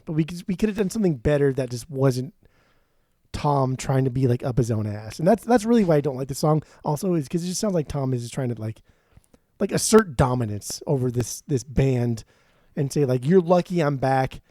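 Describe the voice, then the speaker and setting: A man's voice: mid-range voice, animated, brisk, warm tone, no echo, studio quality. A man co-hosting a podcast, bluntly and sarcastically criticizing songs with frequent swearing. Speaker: podcast co-host. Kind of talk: casual music discussion.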